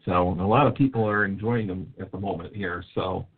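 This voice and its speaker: A man co-hosting a radio interview, relaxed and appreciative. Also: deep voice, brisk, husky. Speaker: radio co-host. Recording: phone line.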